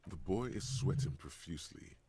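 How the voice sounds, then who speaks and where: A man giving scripted, measured narration for a detective game. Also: animated, mellow, slight background noise. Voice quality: gravelly, very deep.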